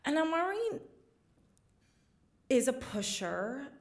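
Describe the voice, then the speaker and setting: Animated woman telling a funny story on stage. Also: sits high, slow pace. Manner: animated, self-deprecating, acts out quotes. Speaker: reporter. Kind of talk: live storytelling to an audience. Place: stage before a live audience.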